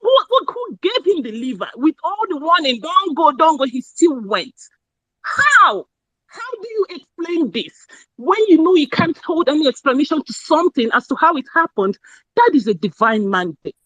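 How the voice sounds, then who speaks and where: A woman, talking in an excited, effusive and rambling way during a casual live chat. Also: high-pitched, moderate pace, no room sound. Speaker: speaker in a live audio space.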